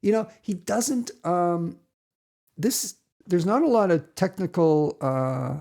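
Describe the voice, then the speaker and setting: A middle-aged man talks through his reaction to a song in an easy, casual way. His voice is gravelly and a little high for a man. He hesitates often, fumbling for the right words and tagging his thoughts with "right?". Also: lively intonation, slow pace, darkish tone. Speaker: father reacting to music.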